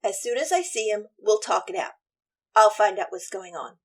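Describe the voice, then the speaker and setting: A woman's voice: medium pitch, lively intonation, moderate pace, close to an everyday voice. A woman voicing Benvolio as a slangy, exasperated young man who is fed up with his cousin. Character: casual impatient young male cousin.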